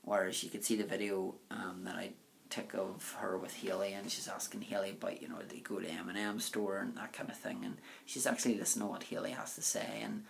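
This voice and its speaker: Gravelly, low-voiced man chatting casually. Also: level tone, brisk, slight background noise. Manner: rambling, full of "um", "you know" and "like". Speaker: vlogger answering viewer questions. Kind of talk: casual Q&A monologue.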